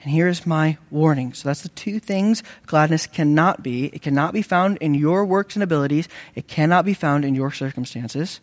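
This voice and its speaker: A man preaching a sermon, earnest, with dramatic rises and slow, emphatic repetitions. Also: fairly high pitch. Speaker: pastor.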